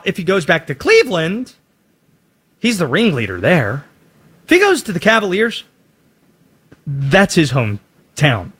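A man's voice: high-pitched, fairly bright tone, slightly rough. A man giving an emphatic sports opinion monologue, punchy and full of rhetorical questions. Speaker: sports commentator.

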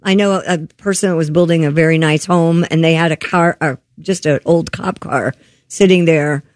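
A woman's voice: low voice, fairly even intonation, moderate pace, dry recording, studio quality. A woman cohosting a morning radio show, chatting in an upbeat way.

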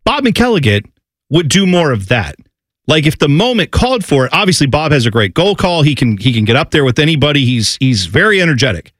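A man co-hosting a casual sports talk show, opinionated and animated, breaking into loud mock announcer calls. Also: fairly high pitch, a little fast, no room sound. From Columbus, Ohio area. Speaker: podcast co-host.

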